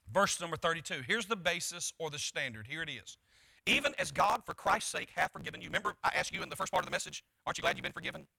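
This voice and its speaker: A man's voice: a little high, creaky, pushed and bright. A man preaching a sermon to his church, building emphasis through repeated phrases. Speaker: pastor.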